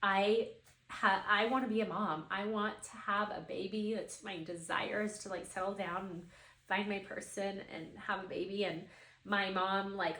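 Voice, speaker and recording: A woman in her thirties shares a personal story on her podcast, talking in a heartfelt, emotional way and leaning on casual fillers. Her voice sits at a middle pitch. The room around her is echoey. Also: fairly bright tone. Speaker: podcast host.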